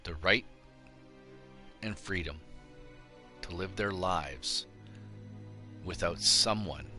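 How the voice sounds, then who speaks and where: A man's voice: sits low, slow pace, sharp tone, faint music behind. A middle-aged man hosting a show, delivering a blunt, combative opinion monologue. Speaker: show host.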